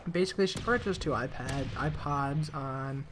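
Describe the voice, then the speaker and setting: A man's voice: medium pitch, moderate pace, noisy background. A young man telling rambling work stories in casual commentary over a video game, with restarts and the odd swear. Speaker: gaming commentator.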